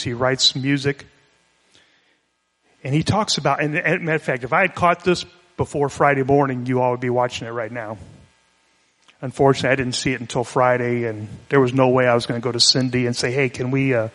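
A man's voice: mid-range voice, steady tone, brisk, fairly bright tone. Man preaching in a reverberant hall. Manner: conversational, explanatory, with restarts. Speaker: pastor. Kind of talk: sermon.

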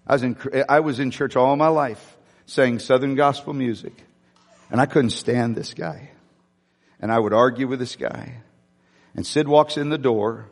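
A man preaching a sermon, telling a personal story candidly and emotionally, swinging from loud to hushed. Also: mid-range voice, normal speed, creaky, long reverb tail. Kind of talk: sermon testimony.

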